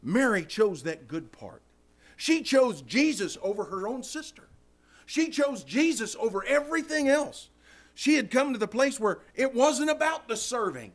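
Lively, high-voiced male preacher. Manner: impassioned preaching, voicing prayers, addresses congregation as guys. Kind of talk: sermon. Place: church.

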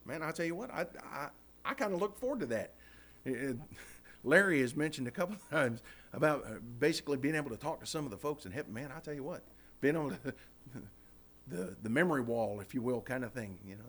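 A Baptist preacher giving an informal Bible study sermon in a folksy, animated way, often saying "man, I tell you what.". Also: mid-range voice, brisk.

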